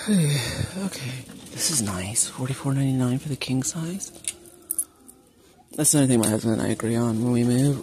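A woman's voice: very deep voice, vocal fry. A woman chatting to her viewers while shopping in a large store, reading out prices, a bit sniffly from allergies. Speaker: shopping vlogger. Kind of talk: casual shop-with-me chat. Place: large retail store, indoors. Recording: store ambience noise.

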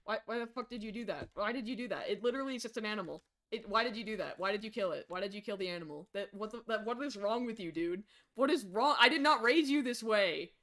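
A young woman with a mid-range voice talks quickly, barely pausing, as she streams a game while role-playing a frazzled parent. Her chaotic, excitable chatter swings from mutters to sudden shrieks.

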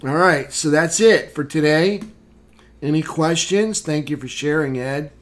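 Slow-talking man walking through charts. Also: on the high side, fairly bright tone. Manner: unhurried, plain chart commentary with fillers. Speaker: trading room host. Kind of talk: live market recap walkthrough.

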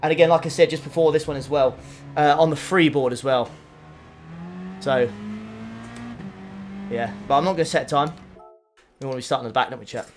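Man, young, raised pitch, casual stream talk, chatting to viewers while racing, desk condenser mic. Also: steady tone, fairly quick, long pauses, over music. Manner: chatty, reads out and answers chat messages while driving. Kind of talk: casual live-stream commentary. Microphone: desk USB condenser mic.

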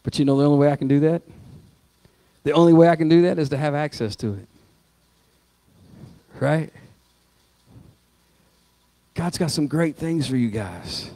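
A man preaching a sermon as pastor, swinging from loud rising exhortation to quiet spoken prayer. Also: fairly high pitch, normal speed, long pauses. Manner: preaching with rising shouts, then hushed prayer. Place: church sanctuary.

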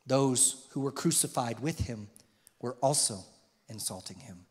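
Impassioned pastor in a reverberant church. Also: male voice, animated, measured pace. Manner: impassioned, rises in pitch and volume on questions. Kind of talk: sermon. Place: church sanctuary. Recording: long hall reverb.

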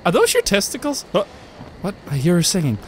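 High-voiced jumpy gamer guy. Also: huge pitch swings, fairly quick, slight background noise. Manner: jumpy, screams and swears at scares, jokes to himself. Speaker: gamer playing a horror game. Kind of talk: let's play commentary. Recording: clear game music underneath. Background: game music and sounds.

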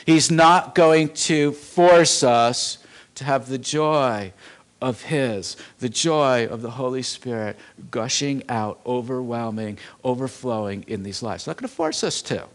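A man preaching a sermon in a church in a conversational way, often repeating and restarting phrases, swinging between emphatic lines and hushed ones. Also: mid-range voice, takes it slowly. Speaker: pastor. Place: church sanctuary.

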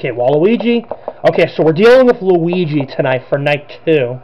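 A man's voice: a little high, big pitch swings, moderate pace, lo-fi sound, background noise. A man giving chatty let's-play commentary, who laughs a lot and apologizes for his own voices. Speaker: gameplay commentator.

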